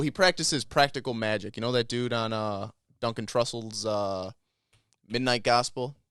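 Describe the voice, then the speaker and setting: A young man co-hosting a podcast, talking in a rambling, excitable way and swearing often. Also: mid-range voice, no room sound, clean studio sound. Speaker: podcast co-host. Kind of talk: casual chat.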